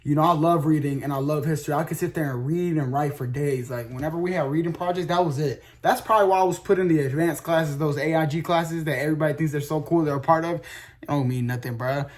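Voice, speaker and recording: A young man telling a rambling story to his viewers, casual and slangy, swearing a lot, with sudden loud shouts and laughs. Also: on the high side, fast talker.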